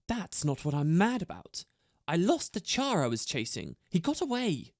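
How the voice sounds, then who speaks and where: A man's voice: a little high, wildly swooping pitch, normal speed, no echo, clean studio sound, pitched above the performer's own voice. A man voicing a defiant, sarcastic young woman held prisoner. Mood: sullen.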